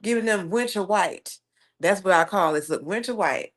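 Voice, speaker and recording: A woman with a Southern US accent hosts a casual live stream, reading viewer comments and telling stories in a sassy, animated way. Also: mid-range voice, moderate pace. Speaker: livestream host.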